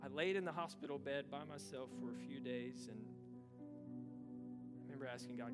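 A man's voice: mid-range voice, fairly quick, loud music behind the voice. A man pastor preaching a sermon to a church, talking earnestly and conversationally and rising to intense swells. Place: church service.

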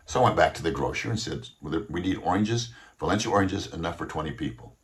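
A man's voice: sits low, lively intonation, brisk. A man voicing a resourceful, eager young male employee who earnestly explains each step he took.

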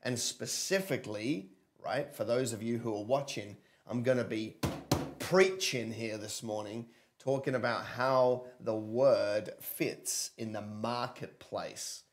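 A man, giving an energetic livestream sermon and calling on viewers to respond. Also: mid-range voice, slow pace. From London and Australia. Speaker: preacher and business coach.

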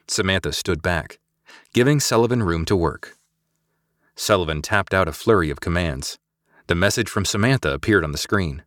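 A man narrating a sci-fi audiobook in an expressive storytelling manner, recorded close on a studio mic. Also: low voice, normal speed, no room sound. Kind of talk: scripted narration.

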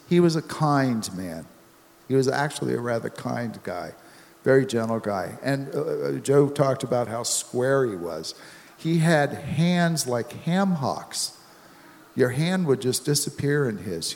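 A man's voice: mid-range voice, creaky, darkish tone, long reverb tail. A man telling a rambling anecdote on a panel, chuckling and restarting his sentences. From United States. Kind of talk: anecdotal storytelling.

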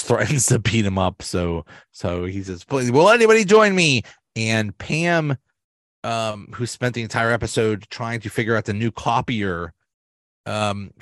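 A man with a low voice hosts his own podcast, talking in a loose, rambling way. He restarts his sentences often and slips into brief quoted voices. The sound is close and dry. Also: dry recording. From Pittsburgh area. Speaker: podcast host. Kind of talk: casual solo podcast recap.

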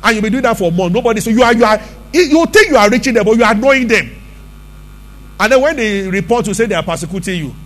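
A man's voice: high voice, animated, quick pace, a bit bright. A man preaching a sermon as pastor, emphatic and conversational, often asking the congregation questions.

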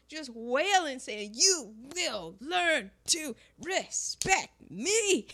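Animated high-voiced woman recapping a film. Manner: animated retelling, acts out quotes, laughs often. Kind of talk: casual movie recap chat.

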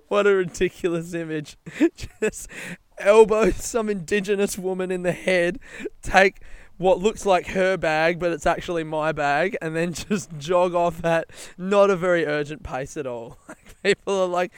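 A man's voice: sits high, a little slow, clean tone, no room sound. Rambling, swearing guy. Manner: rambling, swearing, laughing often. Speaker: storyteller. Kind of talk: casual anecdote, monologue.

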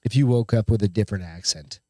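A man's voice: lowish voice, fast, mellow, no room sound, studio quality. A man co-hosting a podcast, chatting loosely with lots of fillers and casual swearing. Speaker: podcast co-host. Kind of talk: casual chat.

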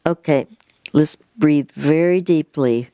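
A woman hosting a Christian call-in counseling show, gently coaching a caller and guiding her through slow deep breaths, with many halting restarts. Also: no echo. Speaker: radio counseling host.

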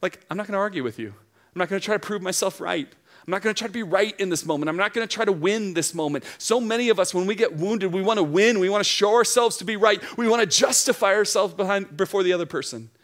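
A man preaching to a young adult crowd, his voice sitting a little higher than most men's. He talks earnestly and drives each point home through repetition. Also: fast, a bit bright. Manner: earnest, emphatic preaching with repeated phrases. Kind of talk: sermon.

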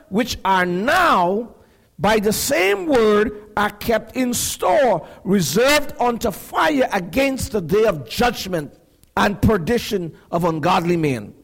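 A man preaching a sermon, building to shouts and asking the congregation questions. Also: sits high, vocal fry. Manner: preaching with rising shouts and call-and-response questions.

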